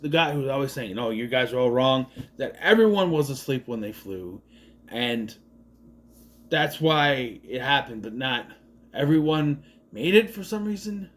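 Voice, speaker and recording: A man's voice: a little high, big pitch swings, measured pace. A man giving a casual, rambling movie review, sarcastic and swearing often.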